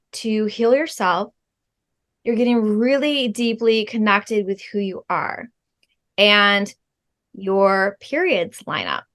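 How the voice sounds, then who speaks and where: This is a middle-aged woman, a spiritual healing guide, speaking in a mid-range voice. Her answers to the interviewer are slow, measured and heartfelt, sprinkled with soft fillers.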